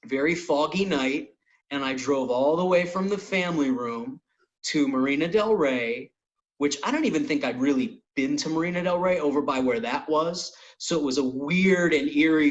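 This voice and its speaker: A middle-aged man, a comedian hosting a talk show, telling a long story in a loose, animated way. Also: a little high, lo-fi sound. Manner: animated storyteller, acts out quotes. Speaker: podcast host and comedian. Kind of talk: casual storytelling.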